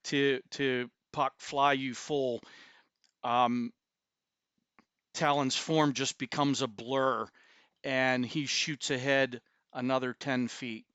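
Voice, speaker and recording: A man playing a tabletop game, slowly and carefully describing what his character does. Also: medium pitch, flat delivery, a bit bright, clear, resonant tone, dry recording. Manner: slow, measured describing of his character's actions. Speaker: player.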